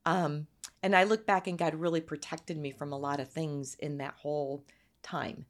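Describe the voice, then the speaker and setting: A woman telling her personal faith story as an interview guest, earnest and halting, near tears at times. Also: low voice, fairly even intonation. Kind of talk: emotional personal testimony.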